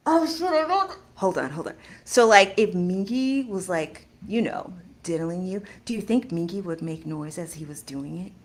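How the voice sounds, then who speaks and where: A woman hosting a casual chat show, animated and exclaiming, often laughing. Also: fairly low pitch, moderate pace, hardly any pauses. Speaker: podcast host reading fan fiction.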